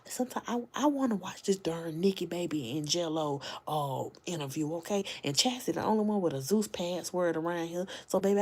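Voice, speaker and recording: A woman's voice: medium pitch, a little mellow, husky. A woman hosting a casual late-night livestream from home, talking to her viewers in a chatty, slangy way and often dropping to a whisper. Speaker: livestream host and reader. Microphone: phone livestream.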